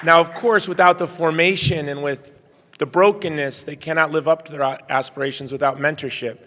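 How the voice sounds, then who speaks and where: A middle-aged man giving a keynote speech, telling a personal story in earnest and moving between quiet and loud passages. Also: a little high, steady tone, fairly quick, a faint crowd. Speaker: keynote speaker. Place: banquet hall. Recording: reverberant hall.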